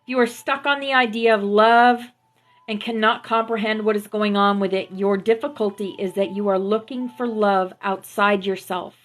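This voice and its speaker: A woman hosting a spiritual live stream, gently affirming her viewers and reading out teachings through a phone mic. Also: mid-range voice, steady tone, moderate pace. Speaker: spiritual livestream host. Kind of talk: spiritual livestream talk to viewers.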